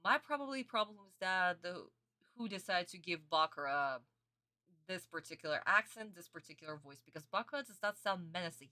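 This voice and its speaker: Low, bright-voiced woman streamer. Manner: chatty, calls viewers sweeties and honey; talks back to chat comments. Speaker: streamer reacting to a cartoon. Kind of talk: casual live-stream commentary.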